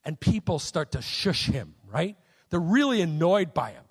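A high-voiced man preaches in a relaxed, conversational way, often tossing back a quick check-in to his listeners. His voice rings in a long hall reverb. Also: slightly rough. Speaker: pastor. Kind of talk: sermon.

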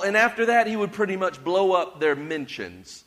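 A man's voice: sits high, animated, moderate pace, few pauses, fairly bright tone. A man preaching a sermon as pastor, calling on his congregation to answer him back and cheer. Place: church hall. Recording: reverberant hall.

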